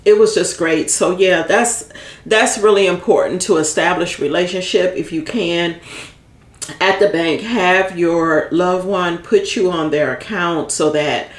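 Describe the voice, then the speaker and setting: A woman talks straight to her viewers with casual, heartfelt advice. Her voice sits a little low, and she rambles and circles back over her points. The room around her is echoey. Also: unhurried. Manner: heartfelt, rambling, repeats herself, gets emotional. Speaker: vlogger giving end-of-life planning tips. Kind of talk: casual advice talk to camera.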